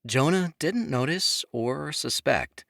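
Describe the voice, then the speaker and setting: A man narrating a fantasy audiobook in the first person, wry and expressive, on a close studio mic. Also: on the high side, slow pace, gravelly, no room sound.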